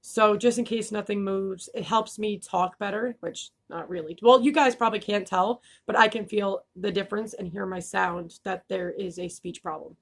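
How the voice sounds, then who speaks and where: A woman's voice: mid-range voice, steady tone, moderate pace, creaky, hardly any pauses. A young woman vlogging casually, candid and laughing, swearing freely, with a slight lisp. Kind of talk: casual vlog talk.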